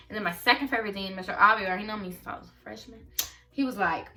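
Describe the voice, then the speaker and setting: A woman's voice: medium pitch, fast. A young woman in her late teens telling a casual, profane story and acting out the people in it. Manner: animated, profane, acts out quotes. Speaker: vlogger. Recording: distant mic with music behind.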